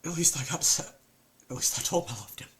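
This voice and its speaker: A man voicing a grieving rural Southern man, speaking in a slow, halting drawl with a Southern accent as a dramatic monologue. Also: a little high, expressive, a bit bright, voice pushed up. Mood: grim, haunted.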